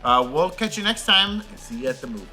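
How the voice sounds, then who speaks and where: A man hosting a casual movie chat show, animated and laughing with his co-hosts before signing off. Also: sits high, quick pace, faint music behind. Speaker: podcast host.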